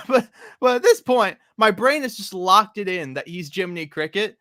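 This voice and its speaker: A young man co-hosting a casual comic review chat, animated and laughing often, trailing off into mumbles. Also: high voice, moderate pace, no echo, studio quality. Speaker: podcast co-host.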